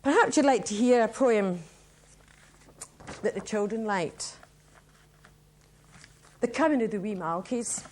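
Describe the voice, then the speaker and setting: A woman's voice: medium pitch, lively intonation, unhurried, pauses often. A middle-aged woman with a Scottish accent, giving a chatty, enthusiastic public talk to an audience at a language workshop.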